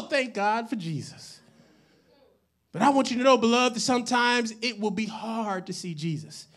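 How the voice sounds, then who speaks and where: A man delivers a sermon at a high pitch for his sex, calling out to a live congregation for responses. He swings between shouted declarations and hushed asides, breaking into chatty, joking stories. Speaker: pastor. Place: church service with live congregation.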